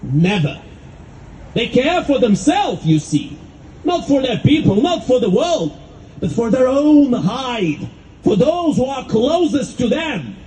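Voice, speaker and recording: A man gives an impassioned public address, his voice sitting very high and swinging widely in pitch. He builds his points with rhetorical repetition and dramatic pauses. Faint noise hangs behind the recording. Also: very animated, warm tone, rough recording. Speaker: speaker at a rally.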